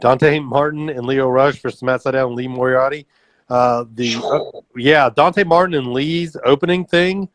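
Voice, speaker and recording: Dry-joking man, mid-pitched voice. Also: normal speed. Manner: dry joking, moves the topics along. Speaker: podcast co-host. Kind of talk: casual wrestling review chat.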